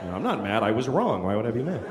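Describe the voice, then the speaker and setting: On a large theater stage, a middle-aged stand-up comedian runs a profane bit, recounting an unbelievable story and impersonating a furious driver. His voice is fairly low, sing-song and fast, with slight hiss or hum. The live recording carries an echoing hall and audience laughter.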